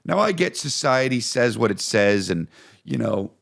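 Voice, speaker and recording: A man hosting a podcast, telling crude, animated comedic stories and riffing with lots of profanity. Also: mid-range voice, normal speed, creaky. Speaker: podcast host. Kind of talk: comedic storytelling monologue.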